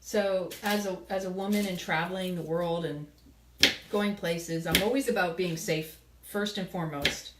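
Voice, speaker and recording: A woman's voice: fairly low pitch, steady tone, moderate pace. Chatty woman rambling from across an echoey kitchen. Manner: rambling, storytelling, asks viewers for comments. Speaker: cooking show host. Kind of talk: casual chat to viewers while cooking. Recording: echoey room, mic far off, background noise.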